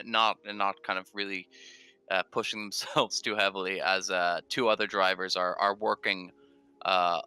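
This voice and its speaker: A man narrates a tabletop game as its game master, hesitant and full of fillers. His voice is deep yet bright and very clear, recorded in a dry space.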